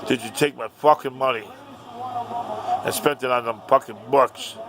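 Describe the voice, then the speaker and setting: A man playing a menacing, foul-mouthed armed father who is gruff and blunt, in a told story. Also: mid-range voice, steady tone, moderate pace, noisy background, natural voice. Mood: threatening.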